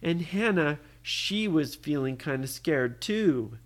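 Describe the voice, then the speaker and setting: Animated storyteller quizzing a child. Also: medium pitch, slow. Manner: animated, keeps quizzing the listener. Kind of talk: improvised bedtime story for a child.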